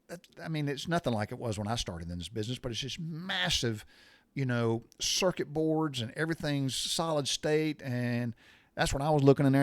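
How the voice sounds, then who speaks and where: A man's voice: medium pitch, no echo, clean studio sound. Folksy man telling a blunt story. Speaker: podcast host. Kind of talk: casual storytelling.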